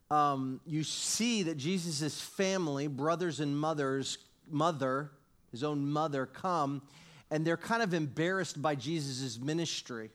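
A middle-aged male pastor preaching a sermon, telling stories with acted-out dialogue and chuckling at his own jokes. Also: fairly high pitch. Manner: animated storytelling, acts out dialogue, laughs at own jokes. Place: church sanctuary with congregation.

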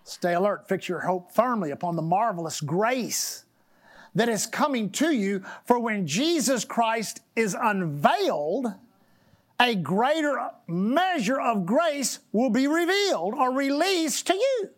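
A woman preaching a sermon, reading scripture slowly and with emphasis and calling on the congregation to repeat phrases after her. She clears her throat and coughs now and then. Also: fairly high pitch, big pitch swings.

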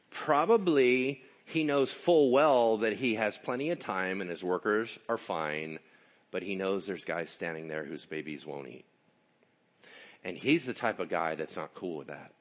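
Animated male preacher with a low voice. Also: normal speed. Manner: animated, acts out voices, jokes and asks the crowd. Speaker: pastor. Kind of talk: sermon.

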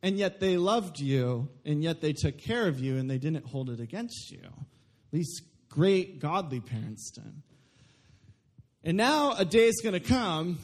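A young man preaching a sermon, telling family stories and acting out quotes in an animated way. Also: a little high, a little slow. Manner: animated storytelling with acted-out quotes. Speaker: pastor.

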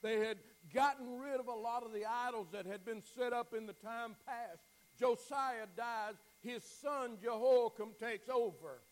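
A man preaching a sermon, swinging from near-shouted pleading down to hushed, quiet passages, often repeating words as he builds. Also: very high-pitched, unhurried, rough recording. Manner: repeats words and restarts lines.

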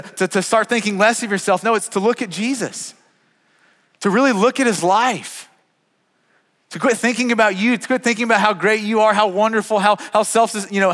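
A man's voice: high voice, a bit bright, big-room sound. A man in his thirties preaching a sermon as a pastor, earnest and often repeating words as he talks.

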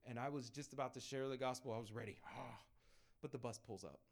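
A man on a panel sharing his evangelism experiences as a lively storytelling testimony, laughing between anecdotes and acting out bits of dialogue. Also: mid-range voice. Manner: acts out dialogue in quick asides.

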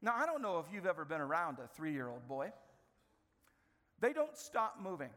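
A male pastor in his thirties with a high, light voice preaching to a congregation. He tells family stories with animated energy and acts out each scene. His words ring out with a long hall reverb. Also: moderate pace. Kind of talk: sermon.

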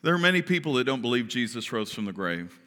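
Animated preacher with a bright voice in a reverberant hall. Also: male voice, mid-range voice, fast. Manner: dramatic, swings from hushed to loud; acts out voices in retelling. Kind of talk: sermon.

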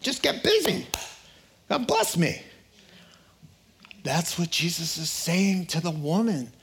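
A pastor preaching a sermon in an animated way, acting out quotes and voices with humor. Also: male voice, on the high side, slow, a little hiss or hum.

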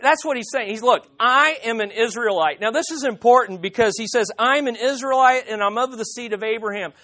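A male pastor with a high-pitched voice preaches in a lively, emphatic way. He moves between reading scripture and chatting directly with people in the pews, calling on them by name. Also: fairly quick. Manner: emphatic, conversational, talks to the congregation by name. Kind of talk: sermon teaching from scripture.

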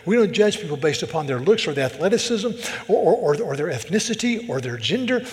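A man's voice: a little high, big pitch swings, brisk, a little mellow. A man from the American South, preaching a sermon as a pastor. He talks emphatically and repeats words as he builds a point. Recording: long hall reverb.

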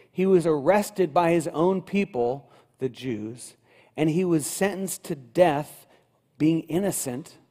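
A man delivers a sermon from the pulpit, his voice slightly higher than most men's. He builds rhythm through repetition, pushing louder and then dropping low. The sound rings with the long reverb of a church sanctuary. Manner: rhythmic preaching with repeated phrases and wide swings in loudness. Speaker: pastor.

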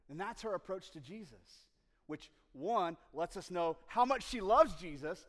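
A man preaching a sermon as pastor, swinging from loud, passionate rises to hushed near-whispers. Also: high-pitched, lively intonation, measured pace. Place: church sanctuary. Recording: long reverb of a large room.

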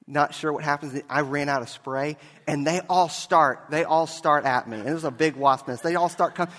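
Man, pastor, sermon, loud then hushed, slightly high voice, long hall echo. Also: normal speed. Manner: storytelling, swings from loud to hushed.

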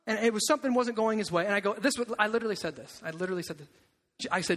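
A pastor giving an animated, emphatic sermon, acting out quotes in different voices. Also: male voice, sits high, rapid-fire, long reverb tail.

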